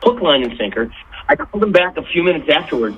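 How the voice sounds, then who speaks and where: A man's voice: on the high side, big pitch swings, fast talker. Man on a tinny phone, telling tales. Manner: playful storyteller, hesitant with fillers. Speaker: touring bass player, guest. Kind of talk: casual phone interview. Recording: tinny phone line, faint hiss.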